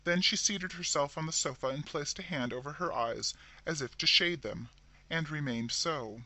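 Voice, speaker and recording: A man narrating a scripted horror story in a dramatic, expressive reading. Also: on the high side, moderate pace, dry recording.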